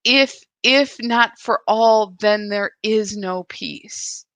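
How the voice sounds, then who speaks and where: A woman's voice: mid-range voice, extremely slow, a bit bright, smooth, no echo. A woman hosting a live spiritual practice, talking in an earnest, confessional and searching way. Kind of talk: live reflective spiritual talk.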